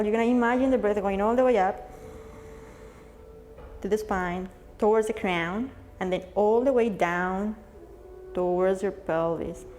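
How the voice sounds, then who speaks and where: A woman teaching a live-streamed yoga class, calmly cueing breath and movement in short phrases. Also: mid-range voice, a little hiss or hum. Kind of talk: guided yoga class instruction. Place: home studio space, live-streamed.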